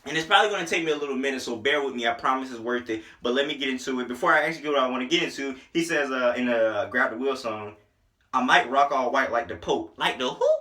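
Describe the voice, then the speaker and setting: A young man casually reviewing an album, animated and profane, joking and rapping lines along. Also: mid-range voice, rapid-fire, hardly any pauses. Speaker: music reviewer. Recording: echoey room.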